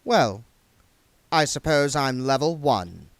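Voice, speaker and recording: A man's voice: medium pitch, sing-song, slow, clear, resonant tone, no room sound, pitched above the performer's own voice. A man voicing a stern, formidable old female witch with plain rural speech. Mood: dry. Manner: firm, dry, plain-spoken rural speech.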